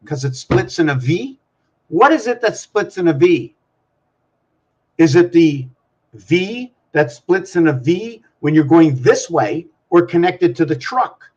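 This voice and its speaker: A man's voice: a little high, lively intonation, slow pace, breathy edge, dull audio. A man hosting his own vlog, musing aloud in a wandering, free-associating way and talking to himself and the camera. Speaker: channel host. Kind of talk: rambling solo vlog musings.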